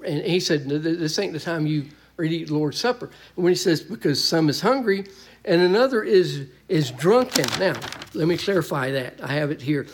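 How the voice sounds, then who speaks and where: A man's voice: on the high side, fairly quick. A man preaching a sermon in a church, folksy and emphatic, joking with the congregation.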